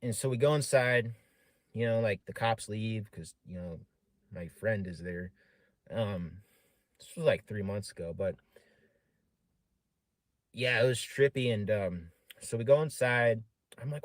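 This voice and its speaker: A man's voice: fairly low pitch, unhurried, pauses often, no echo. A man casually telling a long story on a live stream, rambling with many fillers and frequent swearing.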